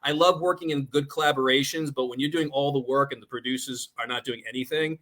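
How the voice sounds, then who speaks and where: A man with a New York accent talks fast through his stories, his voice nasal and bright with a forceful edge. He chats as a guest on a talk show, animated and quick. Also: medium pitch. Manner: fast-talking, animated storyteller. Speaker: guest filmmaker. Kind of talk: casual talk-show chat.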